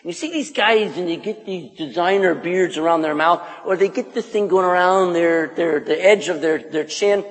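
A male pastor preaching a sermon to young men in an animated, teasing way, calling on listeners in the congregation. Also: sits high, moderate pace, hardly any pauses. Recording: echoey hall.

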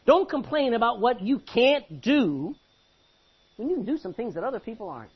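A man's voice: very high voice, sing-song, moderate pace, husky. A man preaching a sermon, exhorting the congregation with rhetorical questions, in a muffled lo-fi recording. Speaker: pastor.

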